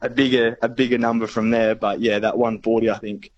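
An Australian man talks as a guest on morning radio, keen and relaxed, full of casual slang and filler words. His voice sits a little low for a man. He rambles happily about the scene around him. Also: brisk, muffled recording. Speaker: fishing expert guest. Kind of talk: radio interview.

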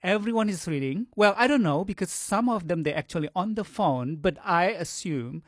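A man, a guest on a radio show, telling his story in a relaxed way with lots of fillers. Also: high voice, normal speed, no room sound, studio quality. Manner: relaxed, hesitant, many fillers. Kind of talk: casual interview, personal account. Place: radio studio. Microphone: studio mic.

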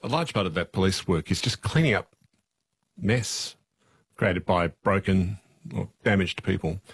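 A man interviewing a guest, asking measured, probing questions. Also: low-pitched, husky, no room sound, clean studio sound.

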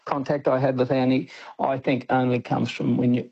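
A man's voice: mid-range voice, flat delivery, moderate pace, creaky, breathy edge, highs cut off. An older Australian man, a dog trainer, talking as a guest in a radio interview, plain-spoken with frequent restarts.

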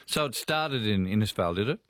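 A man's voice: fairly low pitch, animated, brisk, a bit bright, dry recording. A man with an Australian accent, hosting talkback radio in a folksy, chatty way. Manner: chatty, folksy, reads listener messages aloud. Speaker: radio talk show host. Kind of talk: casual talkback radio chat.

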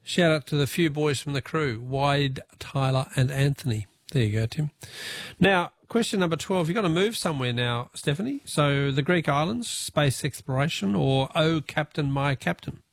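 A man hosting a radio quiz, brisk and chatty, reading out listener messages. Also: on the high side, no room sound.

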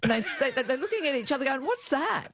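A woman's voice: high voice, fast talker, slight background noise. An older woman, a former police officer telling stories in an interview and acting out the voices she quotes. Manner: animated, acts out quoted voices. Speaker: retired police officer, guest. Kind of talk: storytelling in an interview.

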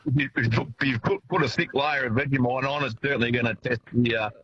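A man with an Australian accent phoning in to a radio show while driving, halting and repeating his words between fillers. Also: medium pitch, a bit bright. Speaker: caller. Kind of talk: phone-in chat from a car. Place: driving in a car. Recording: dull phone line with faint noise.

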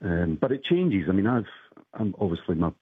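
A male caller on a radio show who talks about his work in a hesitant, measured way. His voice is very low and husky. It comes through a dry, phone-like line. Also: big pitch swings, dry recording. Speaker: caller, a teacher. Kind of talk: casual radio call-in chat.

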